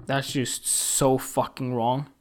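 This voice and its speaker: Brief: man of ordinary pitch, venting angrily to camera, lots of swearing and stop-start phrasing. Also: little pitch movement. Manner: indignant, emphatic and profane, with halting restarts. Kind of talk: casual opinion rant to camera.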